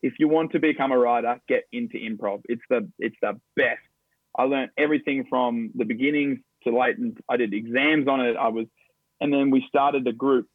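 A man's voice: medium pitch, fairly even intonation, brisk, no echo. A young Australian man, a stage actor, chatting upbeat and telling stories in an interview. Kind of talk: casual interview chat. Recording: dry tinny phone-like line.

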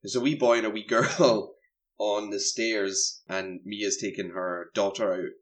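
A man's voice: lowish voice, steady tone, unhurried. A man, co-hosting a casual film review chat and animatedly recapping scenes. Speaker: film podcast co-host.

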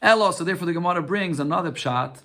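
A man's voice: high-pitched, fast talker, pushed and bright. A man teaching a Talmud lesson, explaining step by step and asking himself rhetorical questions. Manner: explains step by step, mixing Aramaic phrases with English.

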